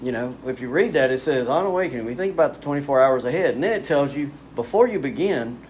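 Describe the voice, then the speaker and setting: A man speaking candidly at a spiritual retreat, animated and self-deprecating, acting out quotes as he tells his story. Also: medium pitch, fast, slight background noise.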